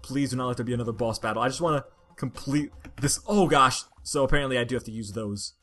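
A woman giving casual commentary over a platformer, talking to herself in frustration and bursting into loud complaints. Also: rumbling low, fast, soft background music. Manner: exasperated, frustrated self-talk that bursts into loud outbursts. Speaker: let's play gamer.

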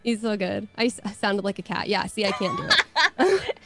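A woman's voice: mid-range voice, sing-song, moderate pace, over music. Chatty young woman, rambling guest. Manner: chatty, rambling, lots of fillers and self-corrections. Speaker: voice actor, guest. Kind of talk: casual livestream chat.

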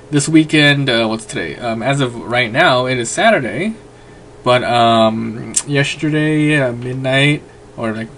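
A man's voice: medium pitch, fairly bright tone, slight background noise. A young man talking casually in a home vlog, rambling with lots of fillers. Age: young adult. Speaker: vlogger.

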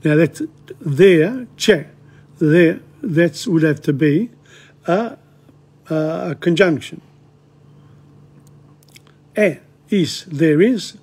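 A middle-aged man teaches a language lesson by going through song lyrics line by line. He talks in a slow, halting way, repeating himself as he explains, and his voice is slightly high and husky. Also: a little mellow.

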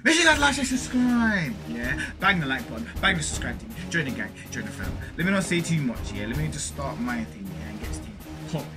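A young man hosting a reaction video, talking in excitable street slang and throwing in shouted interjections. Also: on the high side, brisk, hardly any pauses. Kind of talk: hyped casual reaction commentary. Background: music track playing faintly.

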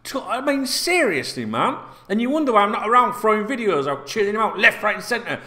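A man's voice: high-pitched, big pitch swings, brisk, hardly any pauses, sharp tone. A man hosting a football news channel, reading out stories and ranting with sarcastic, sweary asides. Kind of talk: casual ranting news read-through.

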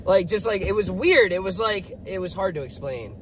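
High-voiced, blunt, swearing tradesman. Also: lively intonation, moderate pace, slight background noise, poor audio. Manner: blunt, profane, boastful and upbeat. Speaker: generator technician and small business owner. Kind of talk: casual motivational vlog.

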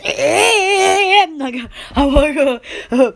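A young woman from Alabama chatting casually on a live stream, greeting viewers in a scattered, excitable way. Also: high voice, moderate pace, hardly any pauses. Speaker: channel host.

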